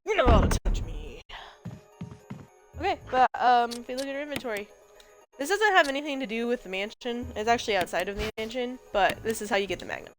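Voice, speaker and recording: A woman's voice: on the high side, quick pace, soft background music, rough recording. A woman giving let's play commentary as a gaming host, chatty and jokey and rambling as she plays.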